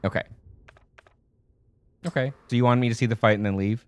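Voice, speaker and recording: A man casually chatting with friends during a game, relaxed and wry, asking curious questions. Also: medium pitch, brisk, clean tone, no room sound. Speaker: guest player. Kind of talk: casual gaming chat.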